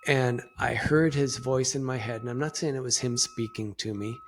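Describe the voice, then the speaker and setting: A middle-aged man talks as a podcast guest in a plain, mid-pitched voice. He speaks reflectively and haltingly, restarting his sentences often as he works through his thoughts. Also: steady tone, a little hiss or hum. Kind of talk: conversational interview.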